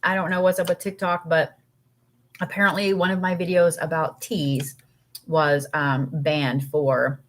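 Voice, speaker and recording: A woman's voice: deep voice, level tone, measured pace. A woman co-hosting a casual spiritual live stream, chatty and rambling with many fillers, tired and eating as she talks. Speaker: co-host.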